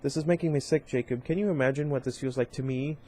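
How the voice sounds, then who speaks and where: A man's voice: medium pitch, fast talker, mellow, lightly acted. Guy reading out a bitter scornful young woman, blunt and sneery, storybook style.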